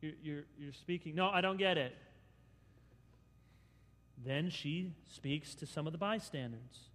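A male pastor preaching a sermon, dramatically acting out scenes and swinging between loud and hushed. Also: a little high, unhurried, in a large hall.

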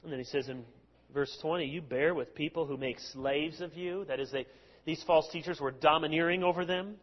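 High-voiced preacher in a reverberant hall. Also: male voice, brisk. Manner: expressive preaching with sarcastic put-on asides. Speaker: pastor. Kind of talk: sermon. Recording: long hall reverb, dull lo-fi sound.

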